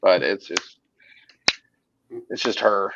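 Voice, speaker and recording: Speaking slowly in a low, gravelly voice, a Southern Texas man in his forties, an artist and creative director, chats casually on a livestream. He rambles animatedly through his stories and keeps restarting. The audio is dull and very noisy.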